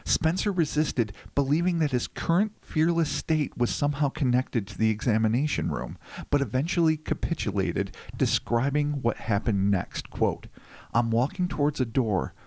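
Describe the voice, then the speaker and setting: Profane joking podcast host, dry sound. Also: male voice, medium pitch, expressive, normal speed, a little mellow, no room sound. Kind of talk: casual chat and case narration.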